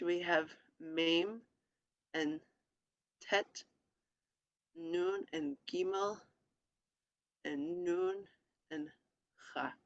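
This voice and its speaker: A teacher giving an informal lesson on letters and vowels, pausing often with ums and reading lists of words aloud while sharing a screen. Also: mid-range voice, fairly bright tone, dry recording, lo-fi sound. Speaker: Hebrew teacher. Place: presenting a lesson from a screen share.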